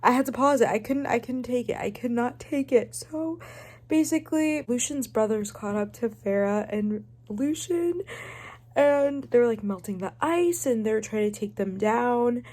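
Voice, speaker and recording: Gushing, excitable young woman vlogger. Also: on the high side, unhurried. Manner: gushing, excitable, emotional swings. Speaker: book vlogger. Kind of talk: casual reading reaction vlog.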